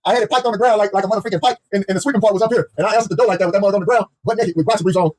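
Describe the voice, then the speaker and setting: A young man tears through a comic personal story at breakneck speed, cursing freely and circling back over the same phrases. His voice sits high for a man and has a husky edge. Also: racing. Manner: animated, profane, heavily repetitive. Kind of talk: casual comedic storytime.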